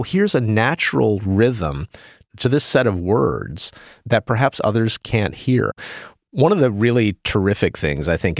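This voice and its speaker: Deep-voiced man explaining music history. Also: no echo, studio quality. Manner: thoughtful, lecturing, quotes lines with emphasis. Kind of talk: explanatory commentary.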